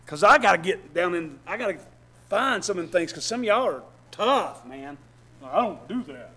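Pastor, sermon. High, bright voice; bursts into shouts, then soft asides, stumbles and repeats. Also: male voice, expressive, normal speed. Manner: shifts between loud shouting and soft low asides, repeats and restarts. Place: church hall with congregation.

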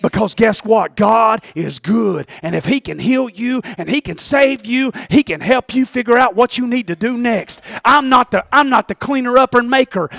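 Fervent male preacher, high and gravelly, with dry close sound. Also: expressive, moderate pace, few pauses, dry recording. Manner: fervent, with sudden shouted bursts. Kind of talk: sermon.

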